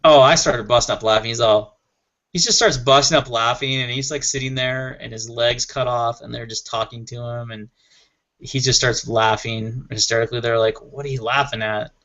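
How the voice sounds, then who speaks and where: A man of middle pitch chats loosely as a panel member, piling up thoughts with eager enthusiasm and frequent laughs. His voice comes through slightly muffled, lo-fi audio. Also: fairly even intonation, moderate pace, a bit bright. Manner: rambling, enthusiastic, laughs often. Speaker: panel member on a gear chat show. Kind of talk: casual chat.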